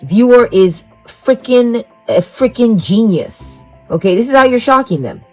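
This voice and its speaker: A woman's voice: a little high, sing-song, a little slow, a little mellow, poor audio. Rambling woman giving a tarot reading. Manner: rambling, repetitive, encouraging, talks straight to the viewer. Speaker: tarot reader. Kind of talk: psychic tarot reading to camera. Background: faint music.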